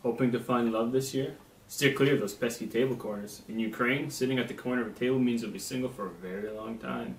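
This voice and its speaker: A man's voice: medium pitch, fast talker, slight background noise. A young man co-hosting a snack review, reading trivia aloud and joking around. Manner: playful, joking. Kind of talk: casual chat reading trivia. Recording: echoey room, mic at a distance.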